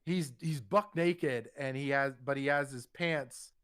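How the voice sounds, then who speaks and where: A man's voice: mid-range voice, a little slow, clean tone, dry recording, studio quality. Rambling, profane young man. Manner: profane, rambling, animated when quoting himself. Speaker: podcast co-host. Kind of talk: casual storytelling.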